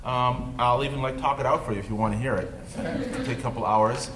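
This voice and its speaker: An author with an upstate New York accent chats loosely with a live audience, slipping in dry, self-deprecating jokes. His voice sits at an ordinary middle pitch for a man. The room rings around him, with a light hiss underneath. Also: fairly quick. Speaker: author speaking at a panel. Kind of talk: casual panel talk to an audience. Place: dark indoor event room. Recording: roomy event-room recording, faint noise.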